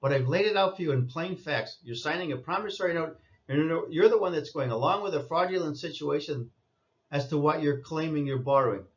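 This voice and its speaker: A man's voice: a little high, brisk, dull audio. A man giving an insistent lecturing monologue, repeating his points and scolding listeners. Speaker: commentator.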